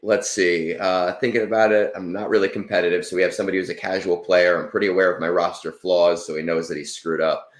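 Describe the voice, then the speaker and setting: A man's voice: deep voice, flat delivery, fast, few pauses, reverberant. A man in his late thirties hosting a casual livestream, rambling and self-deprecating, with lots of fillers. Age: 30s. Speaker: stream host.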